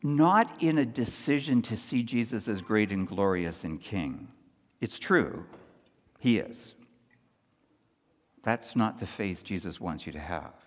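A man preaching a sermon in a conversational style, often checking in with "right?" and moving between hushed, soft lines and loud, lively storytelling. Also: lowish voice, slow pace, pauses often, in a large hall, dull audio. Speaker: pastor.

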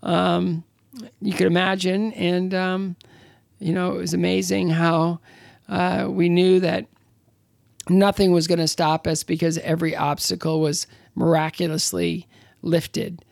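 Gravelly man in his sixties. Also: high-pitched, monotone, darkish tone, no echo, studio quality. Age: 60s. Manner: halting, many fillers and restarts. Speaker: interview guest. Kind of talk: casual conversational storytelling.

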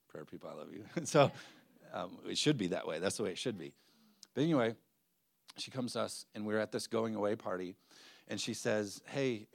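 A man's voice: fairly low pitch, gravelly, no room sound. A man, a pastor, introducing a guest preacher at his church, telling a story with quoted voices and laughs. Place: church sanctuary.

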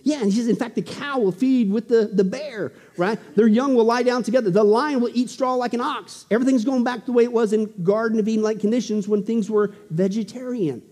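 A man preaching a sermon in an animated, emphatic way with joking asides. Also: extremely high pitch, brisk, few pauses, in a large hall.

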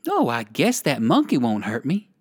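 A polite old gentleman rabbit from a storybook, played by a reader, earnest and courteous. His voice sits a little higher than the narration and swoops up and down. The sound is close and dry. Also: wildly swooping pitch, moderate pace, slightly rough, no echo. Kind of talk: storybook character voice.

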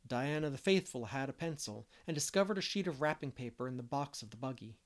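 Steady male audiobook narrator. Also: mid-range voice, fast, few pauses. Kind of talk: scripted narration.

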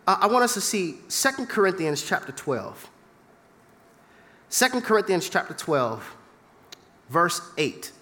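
Animated, forceful preacher in echoing hall. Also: medium pitch, unhurried, pauses often. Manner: impassioned call-and-response preaching with humor. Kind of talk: sermon. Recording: long hall reverb.

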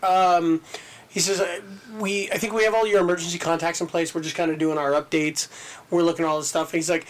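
A man's voice: fairly high pitch, brisk. A man in his forties, a podcast co-host telling a story in casual chat, swearing a lot and acting out the people in it. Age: 40s. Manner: profane, animated storyteller acting out voices.

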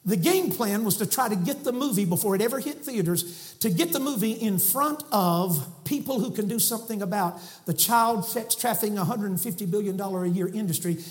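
A male guest preacher with a Southern American accent and a high voice delivers an impassioned sermon in a church sanctuary. He is fiery and shouting, then suddenly drops soft.

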